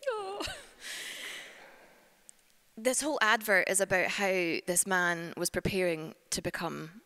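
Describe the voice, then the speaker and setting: A woman's voice: mid-range voice, moderate pace, bright, forceful tone, dry recording. A woman preaching a church sermon in an earnest, heartfelt way. Her voice sits in a middle range. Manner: earnest, gets emotional and laughs through tears. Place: church service.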